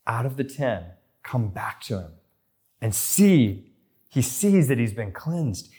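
American pastor preaching a sermon. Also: male voice. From United States. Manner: storytelling, rises in pitch for quoted voices and excitement.

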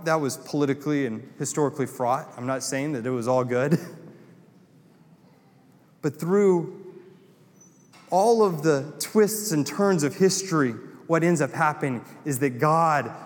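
A man's voice: on the high side, measured pace, long pauses, big-room sound. A man from North Carolina with a Southern accent, preaching a sermon as pastor, building to emphatic repeated lines.

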